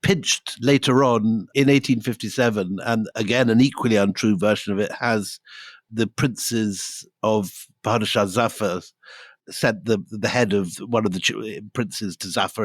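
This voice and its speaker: Man, podcast co-host, dry amused asides, low voice, dry room. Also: fairly even intonation, moderate pace, no echo. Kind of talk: conversational history podcast.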